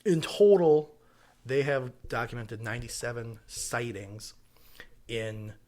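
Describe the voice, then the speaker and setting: Rambling Wisconsin podcast host. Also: male voice, mid-range voice, takes it slowly. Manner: relaxed, rambling with many fillers. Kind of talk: casual podcast chat.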